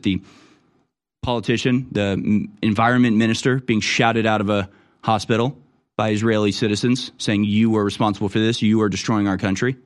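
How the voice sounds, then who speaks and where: A man hosting online news commentary, reacting to clips in an indignant manner with sudden exclamations. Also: fairly low pitch. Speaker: political commentary host.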